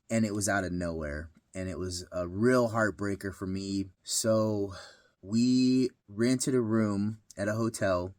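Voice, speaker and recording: A man's voice: on the low side, no room sound, clean studio sound. A man in his thirties sharing a personal story and life advice, earnest and heartfelt, repeating phrases for emphasis. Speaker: vlogger giving life advice.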